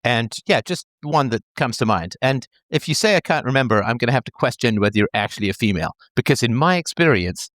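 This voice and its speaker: A middle-aged man hosting a call-in advice conversation, blunt and wry in his remarks. His pitch swings a lot as he talks. The sound is close and dry. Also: animated, fast, few pauses, a bit bright, no echo. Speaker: call-in show host.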